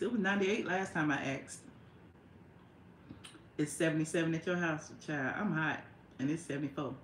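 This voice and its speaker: A woman's voice: low voice, echoey room, a little hiss or hum. A woman hosting a casual livestream from her home, chatting with viewers and calling them child and honey. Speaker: YouTube host.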